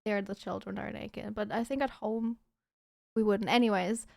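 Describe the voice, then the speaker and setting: A woman's voice: mid-range voice, fairly even intonation, normal speed, vocal fry, darkish tone, no room sound. A woman hosting a livestream in casual chat, laughing often between remarks. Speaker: streamer host.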